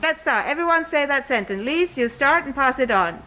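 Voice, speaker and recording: Brisk woman leading a drama workshop. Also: high voice, expressive, bright, forceful tone, rough recording. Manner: brisk, questioning, encouraging. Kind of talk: classroom instruction.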